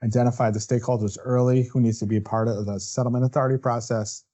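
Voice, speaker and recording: Man presenting a legal webinar, mellow tone. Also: mid-range voice, fairly even intonation, rapid-fire. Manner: explanatory, walks through steps with "right?" asides. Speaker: workers' compensation defense attorney.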